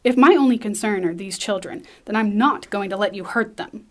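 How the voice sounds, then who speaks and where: A woman's voice: mid-range voice, fairly quick, a bit bright, natural voice. A woman reading the part of a determined female doctor who protects children. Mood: defiant. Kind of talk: script table read.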